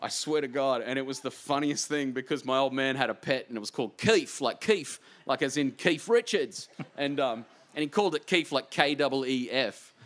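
A man with an Australian accent, an author telling heartfelt stories in an earnest, rambling way that swings between hushed and animated. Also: mid-range voice, normal speed, hardly any pauses. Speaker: author guest. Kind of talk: emotional anecdotal storytelling.

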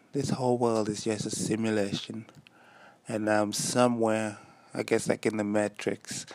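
A man's voice: lowish voice, a little mellow, no echo. A young man hosting a solo diary-style podcast, rambling and musing aloud with self-mocking asides. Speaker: podcast host.

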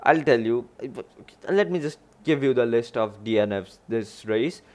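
A man's voice: medium pitch, lively intonation, normal speed, darkish tone. Rambling young man hosting a podcast. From India. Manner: rambling, self-correcting, restarts often. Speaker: podcast host. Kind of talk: solo podcast commentary.

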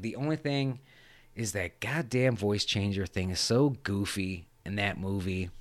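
A man hosting a podcast, retelling a film scene in a rambling, profane, animated way. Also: medium pitch, no room sound. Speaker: podcast host. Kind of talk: casual film chat.

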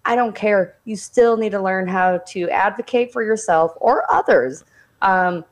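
A woman from Texas with a softened Texas accent, a guest in a casual interview, speaking in a blunt, emphatic, defiant way. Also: mid-range voice, lively intonation, unhurried.

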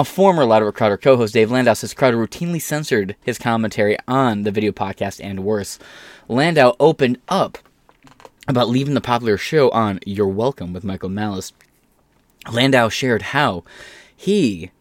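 A man's voice: on the low side, no echo. A man hosting a commentary show, talking bluntly and sarcastically with plenty of swearing. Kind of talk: casual profane commentary.

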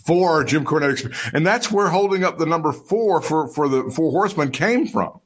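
Man, podcast co-host, crude jokes, laughs a lot, fairly high voice. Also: lively intonation, moderate pace, husky. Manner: crude, joking, laughs often. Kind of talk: casual chat.

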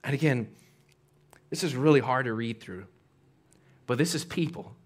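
A man's voice: mid-range voice, lively intonation, normal speed. A man preaching a sermon as a pastor, conversational and casual with slang.

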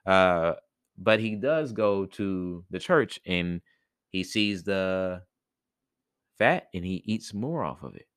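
A man's voice: deep voice, animated, slow, a bit bright, clean tone, no echo, studio quality. A man casually retelling a fairy tale for a podcast, rambling and slangy with many fillers. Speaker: podcast storyteller.

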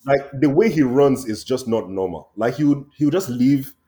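A man in casual football chat, an animated storyteller who swears freely. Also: medium pitch, moderate pace.

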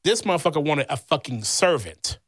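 A man from Louisiana, a podcast host, telling a rambling, animated personal story in casual chat, swearing freely. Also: fairly high pitch, fairly quick, no room sound, clean studio sound. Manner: heavy swearing, blunt and animated; rambling with many fillers.

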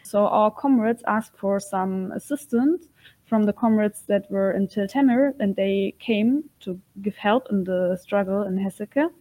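A woman's voice: mid-range voice, a little slow, warm tone, rough recording. A woman guest in an interview, speaking earnestly and sometimes searching for words. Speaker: guest, militia fighter.

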